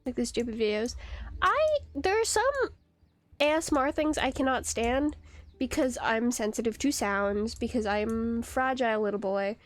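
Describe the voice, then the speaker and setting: A young woman with a high-leaning voice and lively intonation speaks at a moderate pace. Streaming a game from her home computer setup, she chats casually with her viewers, rambling and giggling as she answers them.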